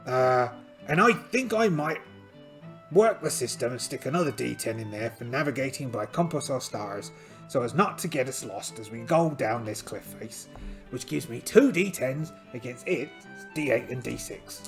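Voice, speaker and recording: A man's voice: medium pitch, lively intonation, moderate pace. A man playing a solo tabletop game in a hammy pirate voice, chatty and joking at himself. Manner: chatty, self-mocking, hammy pirate talk. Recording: light music underneath.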